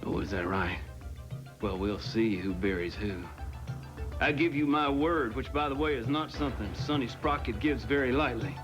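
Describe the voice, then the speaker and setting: An actor playing a boastful, folksy alter ego with a Southern US accent in a soap opera. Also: male voice, mid-range voice, normal speed, over music, voice pushed down, close to an everyday voice, low-quality recording. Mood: defiant. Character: brash crude Southern alter ego, grown man.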